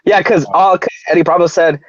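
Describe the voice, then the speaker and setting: A man's voice: on the high side, fairly even intonation, a little fast, muffled recording. A man co-hosting a sports podcast, chatty, with mocking asides. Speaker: podcast co-host. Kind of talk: casual chat.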